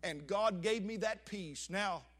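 A man's voice: high voice, slow, a bit bright. An older man preaching a sermon, with emphatic swells and sudden drops.

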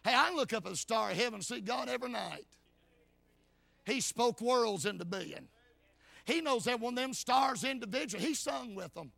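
A man preaching a hollering revival sermon in church, shouting and punctuating every line with amen and hey. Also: extremely high pitch, lively intonation, moderate pace, gravelly, dry recording.

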